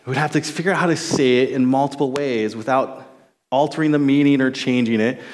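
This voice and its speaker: Enthusiastic conversational Minnesotan man teaching Scripture. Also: medium pitch. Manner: enthusiastic, conversational, with many restarts. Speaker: Bible teacher. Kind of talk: casual sermon teaching.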